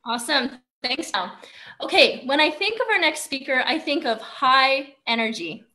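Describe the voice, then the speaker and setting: Woman host, bright voice, a bit high, reads the upbeat intro for the next speaker. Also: lively intonation, normal speed.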